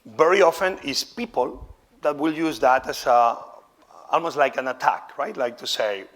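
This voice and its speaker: Speaking at normal speed in a mid-range, slightly bright voice, a man for whom English is a second language runs a live cooking demonstration lecture. He starts out exclaiming like a showman and then becomes candid and conversational.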